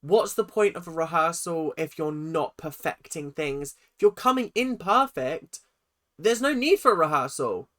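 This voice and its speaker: Brief: twenties reactor, sarcastic, animated, swears a lot, mid-pitched voice. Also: a little slow. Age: 20s. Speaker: reaction video host. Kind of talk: ranting reaction commentary.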